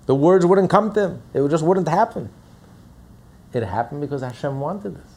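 Guy giving a torah class, gravelly husky voice, lots of ups and downs, acts out quotes. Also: a little high, normal speed. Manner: animated, acts out quoted voices, rhetorical questions.

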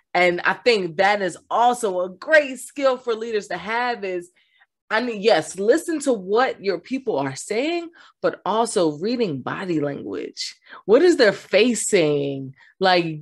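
A woman hosting a podcast interview, chatty and upbeat, often restarting her sentences. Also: mid-range voice. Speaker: podcast host.

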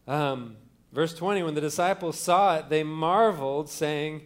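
Male pastor, slightly high voice, casual sermon delivery with restarts. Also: measured pace. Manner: conversational teaching with fillers and restarts; opens with a quiet prayer.

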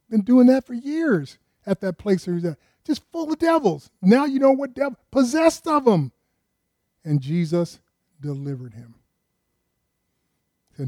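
A man's voice: fairly high pitch, dark tone, dry recording, clean studio sound. A man preaching a conversational sermon in a folksy way, often putting questions to his listeners.

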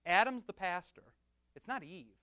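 A man preaching as pastor, teaching with banter and swinging from soft asides to loud emphatic bursts. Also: high-pitched, expressive, moderate pace, no echo. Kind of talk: teaching sermon with audience banter.

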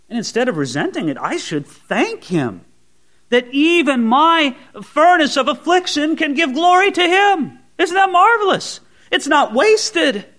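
A man's voice: very high voice, pushed and bright. A man preaching an expository sermon, reading scripture aloud and stressing points with rising and falling emphasis. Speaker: pastor.

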